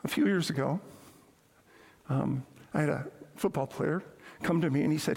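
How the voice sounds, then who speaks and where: A male pastor preaching a sermon, telling stories and acting out quoted lines, sometimes dropping to a hushed tone. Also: on the high side, normal speed, vocal fry, long pauses, slightly rough, in a large hall. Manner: storytelling, acts out quotes, drops to hushed tones.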